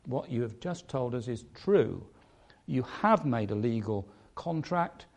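A man preaching a sermon, emphatic, stressing points by changing his loudness and pace. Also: mid-range voice, animated, unhurried, creaky.

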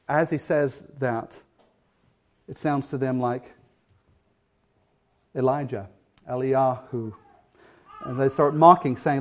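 A man's voice: mid-range voice, fairly even intonation, unhurried. Earnest man preaching a sermon. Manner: earnest, swings between quiet and emphatic. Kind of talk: expository sermon.

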